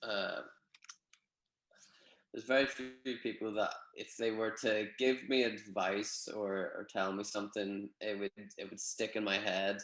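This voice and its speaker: A young man from Northern Ireland with a Northern Irish accent, chatting in a relaxed, rambling way with many fillers on a video call. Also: fairly low pitch, a little slow, roomy sound, low-quality recording. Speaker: guest, gymnast. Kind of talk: casual interview over video call.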